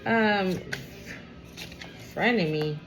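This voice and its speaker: Animated, swearing woman reading tarot. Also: mid-range voice, extremely slow, over music. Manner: animated, expressive, swears freely, talks aloud to spirit. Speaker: tarot card reader. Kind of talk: casual tarot reading to camera.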